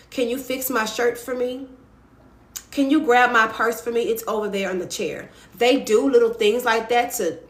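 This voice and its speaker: A woman with a Louisiana accent and a medium-pitched voice hosts a livestream from an echoey room. She dishes out casual advice bluntly, with sass and profanity, often tacking on "right?"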